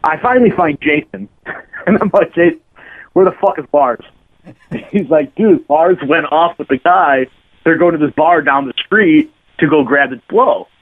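A slightly high male voice at a measured pace, recorded dry through narrow phone-line audio. The man is a podcast guest telling a long, casual, profane story, rambling and leaning heavily on "like" as a filler.

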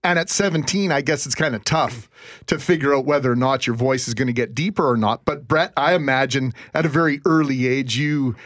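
A man's voice: mid-range voice, fairly quick, a bit bright, dry recording. A man in his forties co-hosting a talk radio show in a studio, reflective and anecdotal, chuckling now and then as he talks. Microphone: studio microphone.

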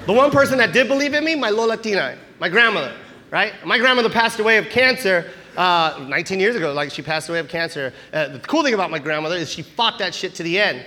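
A male stand-up comedian telling animated, profane stories on stage, recorded live in a large hall. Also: sits high, fast. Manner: animated, profane, act-out storytelling. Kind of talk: stand-up storytelling. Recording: live show in a hall with audience. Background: audience laughter.

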